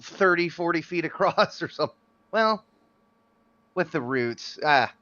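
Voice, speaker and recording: A man's voice: a little high, lively intonation, a little slow, pushed and bright, no room sound. A man playing a tabletop game, talking casually and stumbling over his words. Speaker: player. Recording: dull lo-fi mic.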